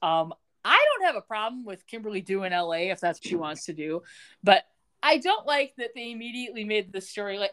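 A young woman chats her way through a TV episode recap on a podcast. She is jokey and animated, slipping into the characters' lines as she tells the story, and her pitch rises and falls a great deal. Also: brisk. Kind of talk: casual recap chat.

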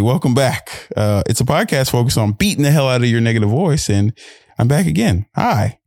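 A man's voice: medium pitch, lively intonation, fairly quick, a little mellow, no echo, clean studio sound. A man hosting a podcast, talking from a hotel room in a playful, rambling way, correcting himself as he goes. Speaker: podcast host. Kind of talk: casual podcast intro.

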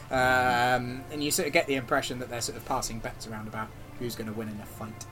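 A man's voice: medium pitch, level tone, fast, hardly any pauses, music in the background. A man narrating as game master, rambling along with many fillers.

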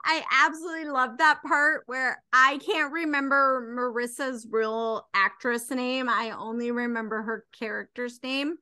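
A woman in her forties co-hosting a casual movie review chat, animated and quick to do mock voices when quoting. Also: high-pitched, no echo. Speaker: podcast co-host.

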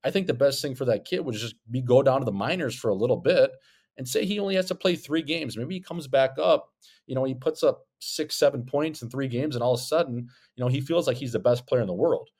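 A man's voice: mid-range voice, fast talker, a little mellow, husky. A man telling a rambling story on a casual podcast, profane and joking. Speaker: podcast co-host, former hockey player. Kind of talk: casual chat. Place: Scottsdale.

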